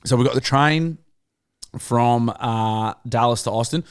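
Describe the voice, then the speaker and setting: A man's voice: medium pitch, unhurried, clear, resonant tone. An Australian man co-hosting a podcast, chatting casually with a sweary storytelling manner and frequent laughter. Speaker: podcast co-host. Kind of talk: casual chat.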